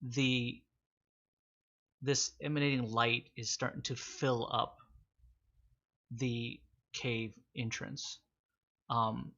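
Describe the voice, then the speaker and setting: Bright-toned male game master narrating. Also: mid-range voice, dull audio. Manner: descriptive, measured narration with fillers.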